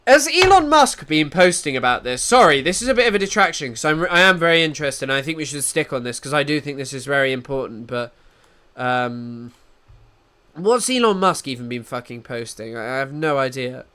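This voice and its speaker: This English man hosts a casual livestream, wandering through the news, reading chat comments, and frequently restarting his sentences. His mid-range voice is expressive and fairly quick, sharp in tone but smooth.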